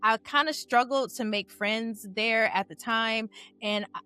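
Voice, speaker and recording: A woman's voice: fairly high pitch, fairly even intonation, unhurried, pushed and bright, clear, resonant tone. A young adult woman talking candidly and casually as a panelist on a game aftershow, with plenty of "like" fillers. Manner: candid and chatty, heavy use of "like". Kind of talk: casual chat.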